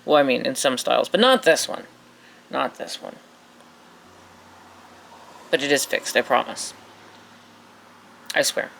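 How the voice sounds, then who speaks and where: A woman's voice: very deep voice, lively intonation, unhurried, gravelly, long pauses, fairly bright tone, slight background noise. A woman chatting casually as she paints, rambling and self-mocking in her asides. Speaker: painting vlogger. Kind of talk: casual chat while painting.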